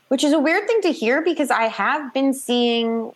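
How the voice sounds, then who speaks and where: A woman author talking casually in an interview, chatty and animated, acting out quoted voices as she tells her story. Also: high-pitched, moderate pace. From New York / New Jersey. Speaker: author guest.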